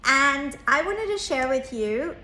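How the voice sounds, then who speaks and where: A woman in her thirties, a therapist and parenting coach, tells a personal story earnestly and reflectively. Her voice sits high and sounds animated and sharp, with a slow pace and a roomy sound. She lifts her voice when acting out quoted lines.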